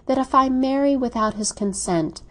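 A woman's voice: high-pitched, moderate pace, a bit bright, voice pushed up. A woman voicing a shy, dutiful young heiress who speaks simply and earnestly.

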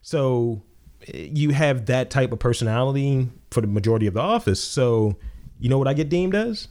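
A man's voice: mid-range voice, lively intonation, moderate pace, a little mellow. A young adult man co-hosting a podcast, telling stories in blunt, profane casual chat. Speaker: podcast co-host.

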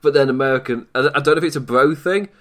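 A man's voice: mid-range voice, fast talker, a bit bright. A young British man hosting a wrestling podcast from home, chatty and self-deprecating, laughing often while he talks. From Britain. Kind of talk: casual solo commentary. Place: at home in isolation. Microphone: desk mic off to one side.

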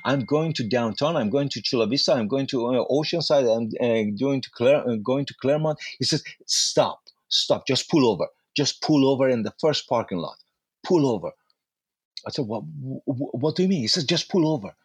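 Male guest, husky voice, animated storyteller, dry close sound. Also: medium pitch, normal speed, no echo. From Iran. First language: Farsi. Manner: animated anecdotes with acted-out dialogue. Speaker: interview guest, actor. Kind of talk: casual storytelling.

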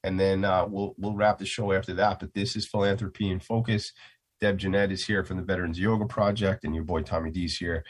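A man hosting a radio talk show, his voice hoarse and raspy from being under the weather, chatting in a joking, self-mocking way. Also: low-pitched, level tone, brisk. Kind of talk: casual radio chat.

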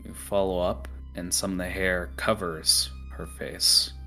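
A man narrating as the game master of a tabletop role-playing game, describing scenes in a relaxed way with frequent fillers. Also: low voice, unhurried, creaky, faint music behind.

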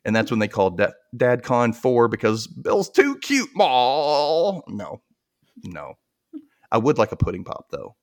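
A man hosting a podcast, casually recapping a sketch show, laughing often and acting out quoted lines in silly high voices. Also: huge pitch swings, a little slow. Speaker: podcast host.

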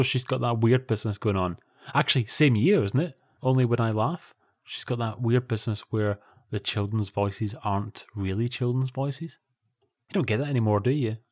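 Brief: male podcast co-host, wry and rambling, middle pitch, dry close-miked sound. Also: darkish tone, no room sound. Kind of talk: casual chat reviewing old TV.

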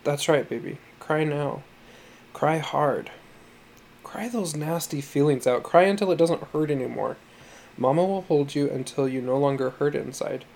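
A man reading the part of a tender, patient foster mother who speaks gently and coaxingly. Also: fairly high pitch, a little slow, gravelly, slight background noise. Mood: soothing.

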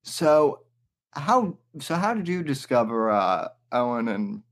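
A man's voice: medium pitch, sing-song, slow pace. A man hosting a podcast interview who talks hesitantly and repeats his words. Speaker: podcast host. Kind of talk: casual interview.

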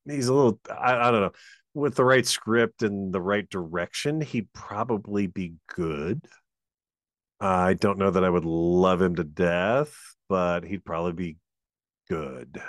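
A man talking casually with a friend, easygoing and sometimes hesitant with fillers. His voice sits low. The recording is dry and close. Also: unhurried, dry recording. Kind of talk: casual chat.

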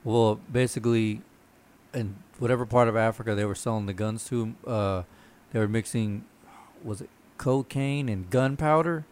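A man's voice: fairly low pitch, normal speed, darkish tone. A young man in casual chat, rambling loosely through stories and half-remembered details.

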